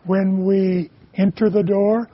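A man preaching a sermon in short phrases, pausing so an interpreter can follow. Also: high-pitched, level tone, dry recording, muffled recording.

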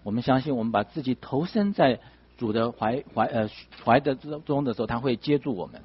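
Husky male sermon interpreter. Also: mid-range voice, fast talker, highs cut off.

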